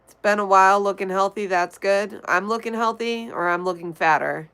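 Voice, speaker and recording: A woman's voice: medium pitch, steady tone, normal speed, a bit bright, smooth, poor audio. A young woman from Connecticut hosting a casual livestream, chatting and greeting viewers by name as she reads the chat. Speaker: livestream host.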